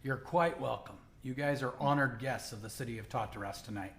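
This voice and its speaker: A man's voice: medium pitch, a little fast, a bit bright, voice pushed down, lightly acted. A man playing a genial, portly middle-aged dwarf who is the patron of the city, speaking in a hearty, welcoming way.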